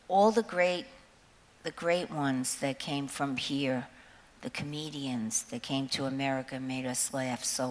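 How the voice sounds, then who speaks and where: A woman in her seventies talks to a concert crowd in a low, unhurried voice. She wanders through stories with frequent laughs and casual swearing. Her voice carries a long hall echo over faint hiss. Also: a bit bright. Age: 70s. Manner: chatty, laughs often, swears freely. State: nervous before going on. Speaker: singer addressing a concert audience. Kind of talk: rambling onstage storytelling. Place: large concert hall with an audience.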